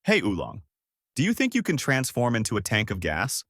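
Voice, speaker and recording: Bossy scheming young woman, as a male narrator voices her, exclamatory, lively pitch, dry sound. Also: fairly quick, dry recording, heavily acted.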